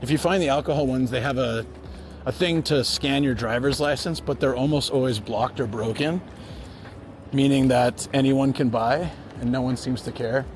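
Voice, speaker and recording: During a travel live stream, a man speaks to his audience in a steady, mid-range, slightly mellow voice at normal speed, rambling casually. He moves from city streets into a parked car. Music plays under him, along with a little hiss or hum.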